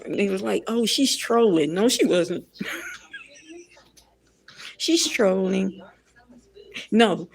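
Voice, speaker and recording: A woman's voice: medium pitch, a little mellow. A woman giving ranting pop culture commentary in a blunt, repetitive and exasperated way.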